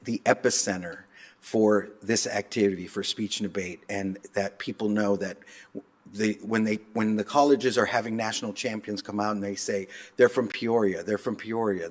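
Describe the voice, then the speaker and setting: A man, a speech and debate coach, giving animated storytelling remarks at a city council meeting. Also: on the low side.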